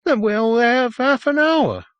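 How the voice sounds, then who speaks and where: A man's voice: very high-pitched, animated, slow, dry recording, dull audio, voice pushed up, exaggerated voice. A man reading an audiobook, voicing a frightened, tearful lost boy in a raised, urgent voice. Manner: urgent, insistent.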